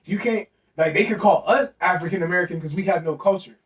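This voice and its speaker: A man's voice: high voice, fast talker, echoey room, distant mic. A man co-hosting a podcast in casual chat, blunt and profane, laughing at his own jokes. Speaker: podcast co-host.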